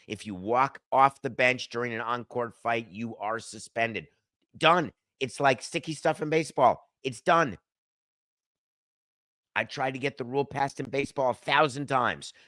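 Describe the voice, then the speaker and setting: A man's voice: mid-range voice, sharp tone, no echo. Man, middle-aged, podcast host, sports opinion monologue, sardonic, emphatic, dry close recording. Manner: emphatic, sardonic, argues with himself.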